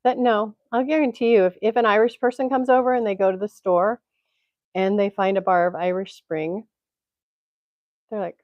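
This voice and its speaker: A woman's voice: medium pitch, moderate pace, pauses often, no room sound. Chatty woman on a dull, dry mic. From Tennessee, USA. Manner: chatty, rambling, laughs often. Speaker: livestream host. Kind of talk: casual chat. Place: home, indoors. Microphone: computer mic.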